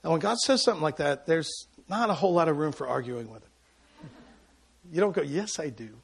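Male pastor, sermon delivery, raspy and husky, emotional storyteller. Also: on the high side, animated, a little fast. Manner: emotional storytelling with sudden loud bursts and quiet asides.

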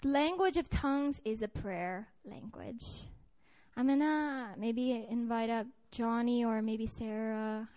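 A woman preacher delivers an earnest, conversational sermon to a group, weaving in a personal story and frequently restarting her sentences. Her voice sits on the high side, slow and somewhat dark in tone.

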